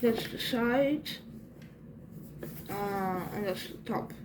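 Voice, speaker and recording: Slow, excitable young woman vlogging. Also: medium pitch, noisy background. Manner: excitable, gushing, gasping. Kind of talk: casual unboxing vlog.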